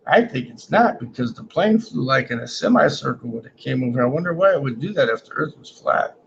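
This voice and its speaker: A man's voice: medium pitch, animated, a little fast, vocal fry, noisy background. A man hosting a casual livestream, reading chat comments aloud and joking in a rambling way, often ending lines with "man". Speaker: livestream host. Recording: dull lo-fi stream audio.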